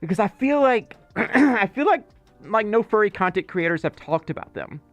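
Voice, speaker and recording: Man, livestream host, rambling casual chat, reading chat messages, slightly high voice, faint music underneath. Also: big pitch swings, moderate pace, no room sound. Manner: rambling and chatty, with filler words.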